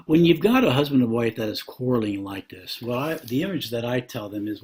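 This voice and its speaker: A man's voice: mid-range voice, lively intonation, fairly quick, few pauses, darkish tone, breathy edge. A man giving an earnest sermon-style teaching, repeating phrases and rising sharply on rhetorical questions.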